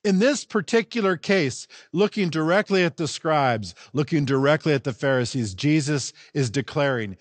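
Animated, emphatic male pastor preaching. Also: fairly high pitch, moderate pace, few pauses, no echo. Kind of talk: sermon. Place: church.

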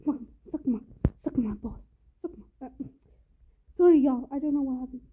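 A woman's voice: high-pitched, normal speed. A woman gamer giving casual let's-play commentary on a horror game, jumpy, swearing often and talking to her viewers. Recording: tinny phone-like lo-fi audio with faint noise.

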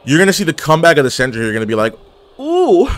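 A young man streaming a wrestling video game, giving excitable, trash-talking commentary that swings from mumbling to yelling. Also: mid-range voice, very fast, a little hiss or hum. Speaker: gaming streamer. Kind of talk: live gameplay commentary.

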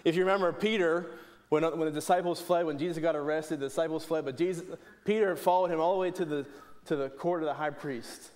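A man's voice: on the high side, fairly even intonation, fast, a little mellow. A man from preaching a sermon in church, earnest, often restarting and repeating words. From Pittsburgh, USA.

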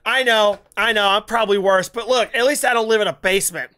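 A young man with a high, sharp and bright voice rambles through a casual reaction video. He talks crudely and keeps stumbling into restarts. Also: fast talker. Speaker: YouTube reaction host.

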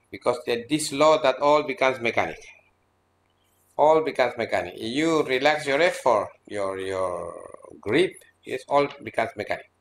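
A man as a spiritual teacher at a seminar, speaking in an earnest, admonishing way, with halting, repetitive phrasing and many restarts. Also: mid-range voice, slight background noise. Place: seminar room at an ashram in India.

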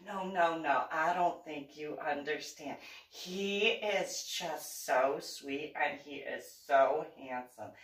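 A woman's voice: sits low, takes it slowly, few pauses. A woman voicing a starstruck neighbor woman who gushes and repeats herself. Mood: gushing. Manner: breathless, repeats herself, fawning. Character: gushing middle-aged woman neighbor, starstruck. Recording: roomy, distant mic.

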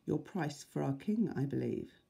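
A bold, commanding young outlaw chief, as a woman reading aloud puts him on, declaiming his demands in a soft, breathy, mellow voice. He sounds firm and sure of himself, like a storybook hero. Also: deep voice, animated, a little slow, full character voice. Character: bold young male outlaw leader, confident.

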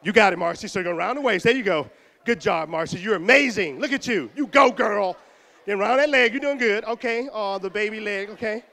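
A man from Houston entertaining a middle school assembly, teasing and calling out loudly to the kids. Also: sits high, fairly quick, vocal fry. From Houston, Texas. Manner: loud, teasing, calls out to the audience. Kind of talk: joking live show banter with a crowd. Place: middle school gym or auditorium.

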